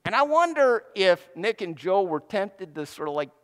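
A man's voice: high voice, very animated, moderate pace, fairly bright tone. A man preaching a sermon, retelling a scripture story in a casual, conversational way with playful asides. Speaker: pastor. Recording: long hall reverb.

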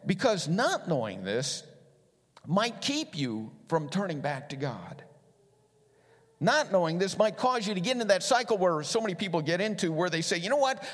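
A middle-aged man preaching a sermon as a pastor, animated and swinging between loud emphatic lines and quiet ones. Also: high-pitched, normal speed. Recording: long hall reverb.

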